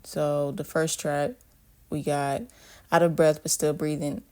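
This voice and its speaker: A man's voice: a little high, flat delivery, a little slow, a little mellow, clean tone. A man casually explaining his own album track by track, rambling and reflective, with many fillers and restarts. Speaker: artist discussing his album. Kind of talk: casual spoken commentary.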